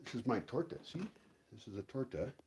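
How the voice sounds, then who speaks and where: A man's voice: medium pitch, animated, fairly quick, a little mellow, slight background noise. A man rambling casually through a vlog at home, swearing freely and walking around outdoors while he talks. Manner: rambling, profane, talks to himself and his dogs. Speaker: vlogger.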